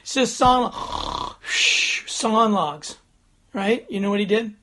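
A man's voice: high-pitched, normal speed, noisy background. Older man, pastor, folksy chatty sermon, chuckles, checks in with the congregation, standing at the front. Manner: chatty, chuckles, frequent "Amen?" and "Okay?" check-ins.

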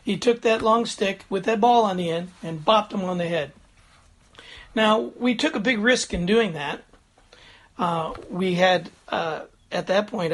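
Older man, pastor, folksy chatty sermon, chuckles, checks in with the congregation, standing at the front. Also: high-pitched. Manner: chatty, chuckles, frequent "Amen?" and "Okay?" check-ins.

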